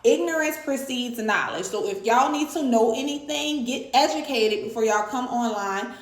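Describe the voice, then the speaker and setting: A woman's voice: a little high, normal speed. A woman from New Orleans with a New Orleans accent, ranting to camera in a sassy, scolding way and tagging her points with "okay?". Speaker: vlogger. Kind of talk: opinionated rant to camera. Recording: echoey room.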